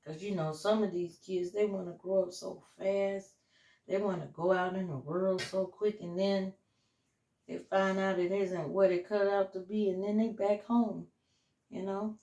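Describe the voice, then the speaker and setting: A woman's voice: medium pitch, fairly even intonation, unhurried, dark tone, roomy sound, dull audio. A middle-aged woman chatting casually with viewers while she cooks in her home kitchen, calling them "y'all". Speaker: home cooking vlogger. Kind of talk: casual chat while cooking.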